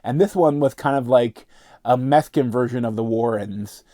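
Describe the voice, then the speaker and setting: A man's voice: mid-range voice, normal speed, dark tone, no echo, clean studio sound. Rambling man reviewing a movie. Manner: rambling, heavy filler words, frequent restarts. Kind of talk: casual spoken review.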